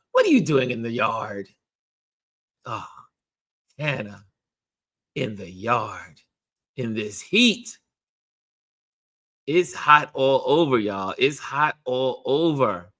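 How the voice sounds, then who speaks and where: A middle-aged man hosts a casual morning live stream and reads viewer comments aloud. His pitch sits in the middle of the range but swings widely and sing-song. He talks chattily and repeats his phrases. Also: sing-song, slow, long pauses, fairly bright tone. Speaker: host of a daily live stream. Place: New York.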